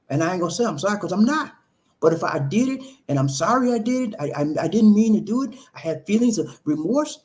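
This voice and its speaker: A man hosting a live stream, his speech swinging widely up and down as he preaches casual relationship advice. He repeats his points for emphasis and keeps turning to greet and answer his viewers. His voice sits a little high for a man. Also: fast talker. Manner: animated and repetitive, preachy, addresses viewers directly. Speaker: live show host reading viewer comments. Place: living in the Philippines.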